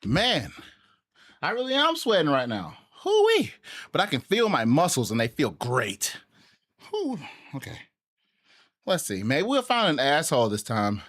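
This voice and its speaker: Puffing, animated live streamer. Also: medium pitch, measured pace, long pauses. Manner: animated, sighing and puffing between sentences. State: out of breath. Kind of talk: casual live-stream chat while exercising.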